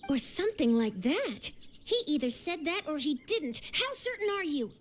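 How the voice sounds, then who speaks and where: A woman's voice: very high-pitched, big pitch swings, moderate pace, a bit bright, full character voice. A woman voicing a pushy, inquisitive young journalist in a video game, probing and teasing with easy confidence.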